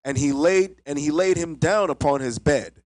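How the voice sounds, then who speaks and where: A man reading Bible verses aloud in a steady, formal way. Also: fairly high pitch, normal speed, no room sound, poor audio. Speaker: scripture reader.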